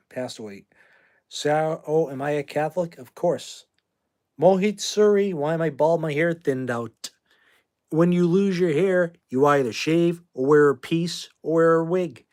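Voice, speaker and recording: This livestream host's voice is a little high with a darkish tone and an unhurried pace. An American man in his fifties, he trash-talks and rambles brashly while handling viewer comments.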